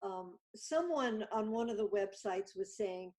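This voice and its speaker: A woman's voice: medium pitch, expressive, measured pace, few pauses, mellow. A woman voiceover artist chatting as a guest on a video-call interview, enthusiastic and talkative.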